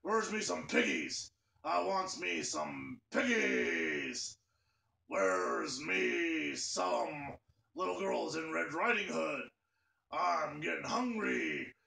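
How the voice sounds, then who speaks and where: A man voicing a hungry, boastful male werewolf with a slow, gravelly growl. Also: a little high, sharp tone, roomy sound, distant mic, pitched below the performer's own voice, full character voice, rough recording. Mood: greedy.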